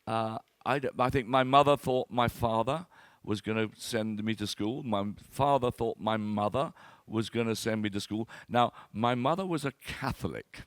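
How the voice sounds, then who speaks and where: A man in his later years, a wine expert telling self-deprecating comic stories to an audience, halting and repeating words, with plenty of fillers. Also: medium pitch, no room sound, studio quality. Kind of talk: anecdotal talk to an audience.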